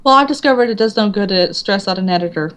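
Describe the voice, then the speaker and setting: Female author guest, middle-pitched, chatty and animated, quotes people in bouncy voices. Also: fast. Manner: animated storyteller, acts out quotes, laughs often. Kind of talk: casual interview chat.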